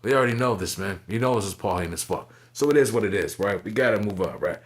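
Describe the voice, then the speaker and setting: A man's voice: fairly low pitch, lively intonation, fast. Profane, rambling man recapping a match. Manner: profane, rambling, fillers like "right?". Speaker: wrestling reviewer. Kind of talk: casual recap and commentary.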